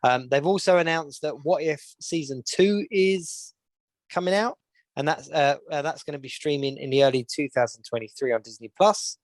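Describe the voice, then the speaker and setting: A man runs through the week's news in relaxed podcast chat, pausing often on "um". His voice sits a bit high. The sound is dry and close. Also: dry recording. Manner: chatty, with many "um"s and recaps. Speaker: podcast co-host. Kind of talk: casual chat.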